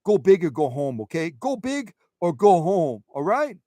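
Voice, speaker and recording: A brash woman with a thick Brooklyn accent shouts encouragement in a high, pushy voice, as a man puts her on. The sound is dry and close. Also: very animated, moderate pace, no echo. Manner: loud, pushy, egging on.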